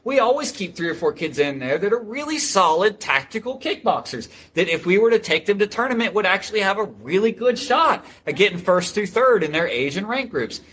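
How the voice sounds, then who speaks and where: Earnest, fairly high-voiced male instructor, light room ambience behind. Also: big pitch swings, a little fast, hardly any pauses, fairly bright tone, slight background noise. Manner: earnest, storytelling, frequent restarts. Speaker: martial arts instructor. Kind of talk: casual interview talk.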